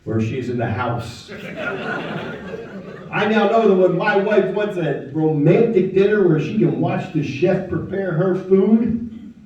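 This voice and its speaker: A man in his fifties doing a stand-up comedy set in a lodge hall, delivering deadpan one-liners with quick asides. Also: sits high. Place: lodge hall with live audience. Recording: muffled, echoey hall, mic far off, crowd laughing.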